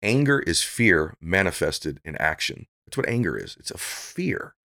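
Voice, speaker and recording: A man's voice: low voice, big pitch swings, normal speed, sharp tone. A middle-aged man speaking as a podcast guest, giving earnest, preachy motivational talk that builds to emphatic peaks.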